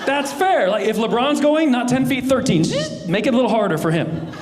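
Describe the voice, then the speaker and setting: A man's voice: very high-pitched, animated, brisk. A man performing stand-up comedy on a club stage, telling stories with energy and acting out dialogue. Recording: loud crowd and noise on stage.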